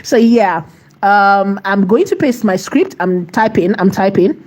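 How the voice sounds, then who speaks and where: A woman hosting a screen-share tutorial, chatty and emphatic, often repeating phrases and checking in with "right?", slowing down to dictate as she types. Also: mid-range voice, a little mellow. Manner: slows to dictate while typing. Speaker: AI tutorial host.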